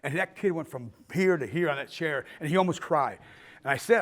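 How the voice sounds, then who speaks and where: Older guy teaching a film class, kinda high voice, rambles and restarts a lot, acts out the people in his stories. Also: lively intonation, fairly quick. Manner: rambling storyteller who acts out quoted people; frequent restarts and stumbles. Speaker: filmmaking instructor. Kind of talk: casual classroom lecture. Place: fine arts center hall with a class.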